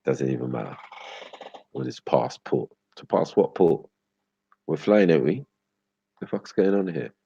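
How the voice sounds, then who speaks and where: A man's voice: very deep voice, very animated, a little slow, gravelly, long pauses, dark tone, slightly rough. A man hosting a casual livestream, teasing his viewers in slangy, swearing chat. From Britain. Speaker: livestream host. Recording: dull lo-fi stream audio.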